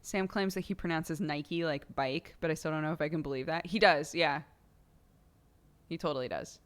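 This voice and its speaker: A young woman hosts a livestream, chatting casually in a deep voice at a moderate pace. She says "like" constantly and keeps breaking into laughter.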